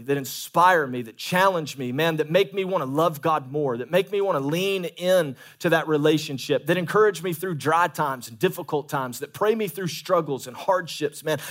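A man preaching a sermon as pastor, animated, calling for amens and acting out quoted voices. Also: fairly high pitch.

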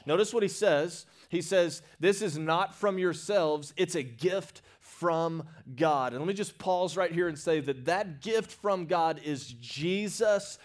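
Animated male preacher calling for amens. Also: on the high side, slow, few pauses. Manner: animated, swings between hushed and loud; calls for amens from the congregation. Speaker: pastor. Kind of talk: sermon.

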